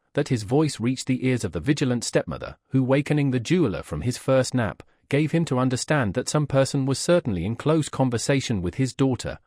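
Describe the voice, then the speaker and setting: A man narrating a classic novel as an audiobook, in a measured, expressive storytelling manner. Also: medium pitch, no echo, clean studio sound.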